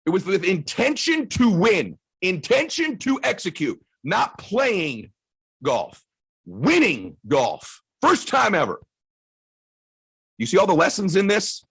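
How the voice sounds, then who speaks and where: Middle-aged male motivational speaker, husky and emphatic, lively pitch swings, dry close sound. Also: a little slow, dry recording, rough recording. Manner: intense, emphatic, a little profane. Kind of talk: motivational storytelling to a live audience.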